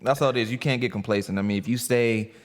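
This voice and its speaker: A young adult man, a hip hop artist guesting on a chat show, easygoing and agreeable, quick to laugh. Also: medium pitch, steady tone, noisy background. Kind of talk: casual interview chat.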